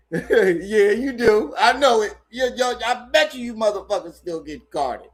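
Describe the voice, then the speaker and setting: Man, very high voice, teasing, mock-jealous, repetitive. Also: expressive, unhurried. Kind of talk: comic rant clip.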